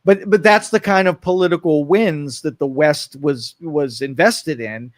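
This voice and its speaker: Talk host, male, slightly high voice, dry close studio sound, sarcastic and animated. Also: unhurried, no room sound. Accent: Ohio. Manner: sarcastic, animated, mocking quotes. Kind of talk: casual political talk. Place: radio studio.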